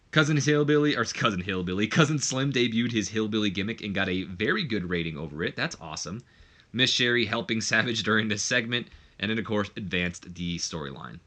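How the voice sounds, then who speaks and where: A man's voice: on the low side, bright, forceful tone. A man hosting a let's play, commenting casually on a wrestling management game in a rambling way and often correcting himself.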